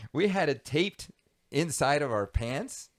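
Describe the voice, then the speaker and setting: Lively man recounting a story. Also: fairly high pitch, slow pace. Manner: animated, lively storyteller who laughs easily. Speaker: guest telling his life story. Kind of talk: conversational storytelling.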